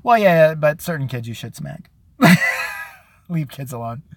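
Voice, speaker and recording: A man's voice: on the high side, lively intonation, measured pace, no room sound. A man hosting his own show, delivering a crude, sarcastic comedic rant and slipping into mocking impressions of other people. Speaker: show host.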